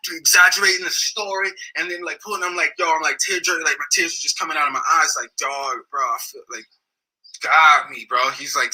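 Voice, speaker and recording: Guest, male, husky and intense, casual slang-heavy storyteller, lots of restarts. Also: on the high side, sharp tone, poor audio.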